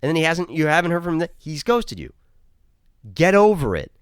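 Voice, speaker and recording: Man, profane exasperated reviewer, animated delivery. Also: on the high side, quick pace, smooth, no echo, studio quality. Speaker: show reviewer. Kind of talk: casual review rant.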